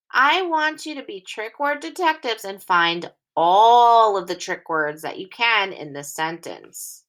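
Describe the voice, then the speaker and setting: A young woman teaching a recorded phonics lesson to small children. Her bright voice moves up and down a lot as she reads each sentence slowly and carefully, phrase by phrase. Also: mid-range voice, expressive. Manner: slow, clearly enunciated reading, sentences read aloud in phrases.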